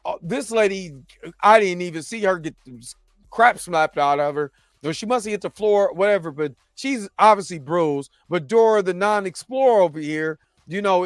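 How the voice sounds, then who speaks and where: High-voiced animated man recapping a show. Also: no echo. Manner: animated, acts out characters' lines in his own voice. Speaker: show host. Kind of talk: casual TV recap commentary.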